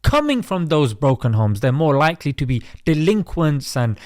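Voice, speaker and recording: A man's voice: on the high side, sing-song, normal speed, no room sound, clean studio sound. A British man hosting an opinion commentary vlog, preachy and chatty, calling his viewers mate. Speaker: host.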